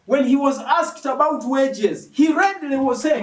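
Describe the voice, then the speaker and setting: This preacher's voice is very high-pitched, his pace measured with few pauses, as he animatedly and emphatically quizzes his congregation. The recording comes from a distant mic in an echoey hall.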